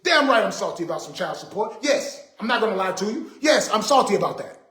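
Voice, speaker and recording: A man's voice: high-pitched, big pitch swings, fast, a bit bright, reverberant. A man hosting a casual livestream, talking to viewers in an emphatic, repetitive, indignant way. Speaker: livestream host.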